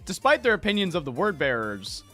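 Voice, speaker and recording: A man chatting casually as a podcast co-host, animated and quick, with frequent swearing. His voice is bright and fairly high for a man. Faint music plays behind him. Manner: animated, swearing, fast storytelling. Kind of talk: casual chat while painting miniatures.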